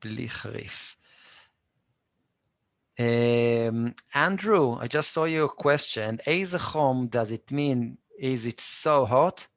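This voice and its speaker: An Israeli Hebrew teacher runs a live online language lesson, patiently repeating each word slowly and answering students by name. His middle-pitched voice has a gravelly edge and lively intonation. The recording is dry, close to the mic, with no echo.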